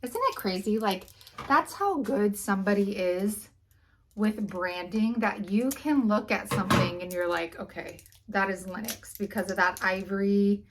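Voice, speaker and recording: A young woman talking casually to camera about thrift finds, a little out of breath, her voice trailing off into quiet asides. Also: mid-range voice, a little slow, background noise. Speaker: vlogger showing thrift finds.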